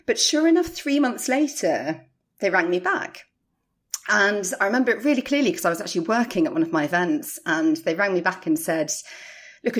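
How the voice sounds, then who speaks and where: A middle-aged woman, a podcast guest, candidly telling her career story with animated quoted voices. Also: lowish voice. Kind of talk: interview storytelling.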